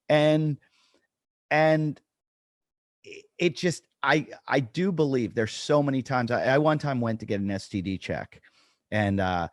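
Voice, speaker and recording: A man's voice: on the low side, no room sound, studio quality. A man co-hosting a podcast, telling a funny story in casual chat and acting out the quotes. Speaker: podcast co-host, comedian.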